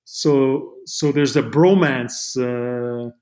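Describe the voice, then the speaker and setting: A man's voice: medium pitch, fairly even intonation, drawn-out words, a little mellow. A man imitating a cheerful British woman with a British accent who teases him. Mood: teasing.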